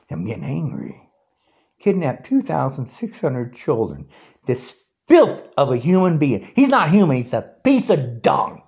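A man's voice: sits high, darkish tone. A man in his sixties delivering an angry, taunting political rant straight to the camera. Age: 60s. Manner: ranting, taunting, challenging. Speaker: video blogger.

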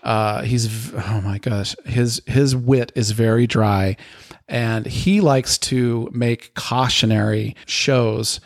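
A man's voice: medium pitch, steady tone, slow pace, no echo, studio quality. A man co-hosting a casual podcast chat, enthusiastic and prone to repeating words as he talks. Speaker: podcast co-host.

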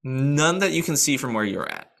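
A man's voice: mid-range voice, sing-song, normal speed, vocal fry, fairly bright tone. A man narrating as game master in a tabletop game, describing scenes with hesitant fillers.

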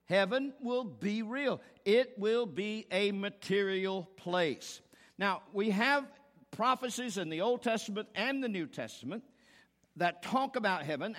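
A man's voice: high voice, a bit bright. A man preaching a sermon as pastor, telling a joke and then making emphatic rhetorical points. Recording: long hall reverb.

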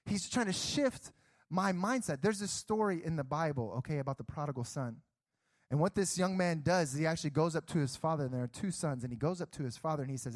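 A young adult man preaching a sermon, telling stories with acted-out dialogue and rising to near shouts. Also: fairly high pitch, fast, no room sound. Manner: animated storytelling, acts out dialogue, rises to near shouts.

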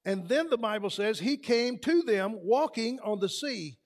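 A man preaching a sermon in a church, building to loud emphatic peaks. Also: very high-pitched, animated, measured pace. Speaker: pastor. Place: church sanctuary.

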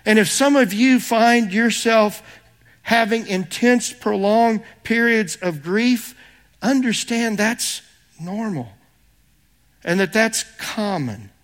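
A middle-aged pastor gives a sermon in a high, earnest voice. He moves between personal stories and slow readings of scripture, and drops softer at times.

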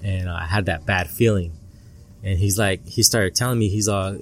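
Guy with a lowish voice telling a story at a backyard bbq, stumbles and repeats himself. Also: steady tone, slight background noise. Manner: halting, repeats words as he recounts. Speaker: interview guest. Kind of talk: casual storytelling. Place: outdoors at a family barbecue.

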